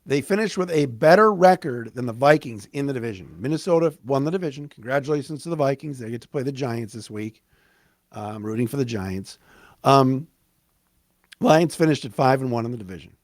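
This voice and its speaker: A man hosting a solo sports podcast, recapping a game in an excited, emphatic, conversational way. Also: mid-range voice, fairly quick, dry recording, clean studio sound. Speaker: podcast host.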